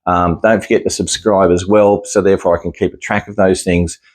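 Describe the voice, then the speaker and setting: Aussie bloke with a really low voice, psychic type, rambly and restarting, little chuckles. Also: male voice, flat delivery, fairly quick. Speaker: psychic medium sharing experiences. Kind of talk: casual talk to camera.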